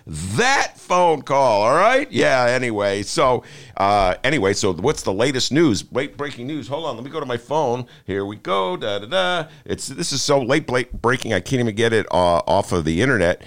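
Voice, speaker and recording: A man's voice: medium pitch, big pitch swings, moderate pace, fairly bright tone. A male radio talk show host in a studio, rambling and joking off on tangents, in casual banter. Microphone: studio microphone.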